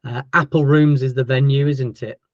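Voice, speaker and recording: A man hosting a casual livestream chat as a label owner, chatty and thankful, his voice going hoarse. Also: mid-range voice, steady tone, moderate pace, no echo, muffled recording. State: losing his voice.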